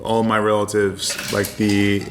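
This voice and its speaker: A man's voice: on the low side, monotone, a little hiss or hum. A man from Pennsylvania, a podcast guest, talking casually with many restarts. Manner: halting, lots of restarts and "like". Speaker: guest, tattoo festival organizer. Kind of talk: casual chat. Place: tattoo shop studio.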